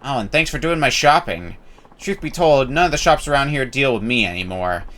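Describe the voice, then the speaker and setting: A man voicing a chatty old male haggler who speaks in a folksy, drawn-out way. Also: medium pitch, expressive, a bit bright, slight background noise, lightly acted. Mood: sly.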